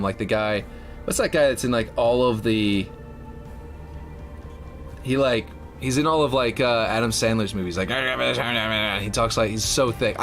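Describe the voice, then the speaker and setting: Building a game map on a livestream, a man from Louisiana with a light accent rambles casually in a laid-back way, full of fillers. His voice is lowish with a fairly bright tone.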